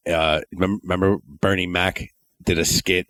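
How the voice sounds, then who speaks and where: A man's voice: sits low, little pitch movement, normal speed, a bit bright, no echo. A man hosting a podcast, talking in a loose, profane, rambling way with many fillers. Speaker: podcast host. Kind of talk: casual podcast chat.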